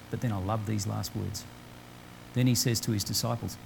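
A man's voice: on the low side, vocal fry, rough recording. Earnest male preacher, faint hiss. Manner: emphatic, slow deliberate quoting of scripture. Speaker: pastor. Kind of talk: sermon. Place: church.

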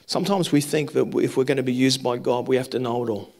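A man's voice: medium pitch, fairly even intonation, fast talker, few pauses. A male pastor preaching a sermon with fervor to his congregation, repeating his points and firing off rhetorical questions. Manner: impassioned, repetitive rhetorical questions. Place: church hall with congregation.

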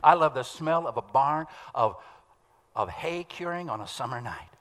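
A man preaching a sermon in a folksy, animated storytelling way. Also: medium pitch, moderate pace. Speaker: pastor. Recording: long hall reverb.

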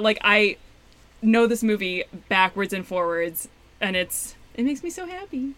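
Chatty enthusiastic woman, mid pitch. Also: sing-song, unhurried, fairly bright tone. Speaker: podcast co-host. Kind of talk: casual chat.

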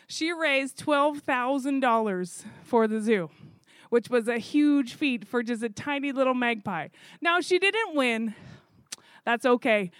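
High-voiced, chatty zoo volunteer woman. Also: slow pace, dry recording. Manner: animated, chatty, with fillers and laughs. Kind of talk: casual storytelling.

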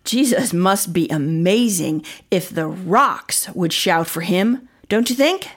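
A woman's voice: lowish voice, expressive, takes it slowly, full character voice. A woman reading the lines of a small boy, amazed and wondering, in a children's story.

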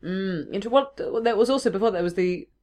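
A woman's voice: mid-range voice, a little fast, a little mellow. A woman co-hosting a podcast in casual chat, asking curious questions and teasing with laughter. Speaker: podcast co-host.

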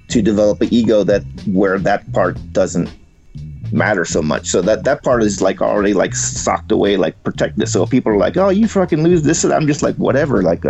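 Gravelly rambling man, laid-back. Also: lowish voice, darkish tone. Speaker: podcast guest. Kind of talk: casual chat.

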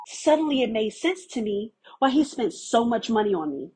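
A woman's voice: fairly high pitch, very animated, moderate pace, darkish tone, husky. A woman giving scripted first-person narration of a story, telling it in a candid, wry way.

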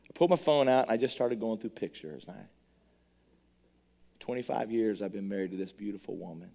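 Middle-aged preacher telling a story in a hall. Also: male voice, lowish voice, brisk, gravelly. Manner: animated storyteller, stammers and repeats words. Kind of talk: sermon testimony. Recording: long reverb of a large hall.

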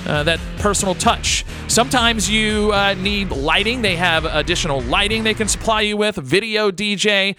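A man's voice: high-pitched, moderate pace, few pauses, music in the background. A man hosting a radio talk show, rambling and blunt, with crude words and many fillers.

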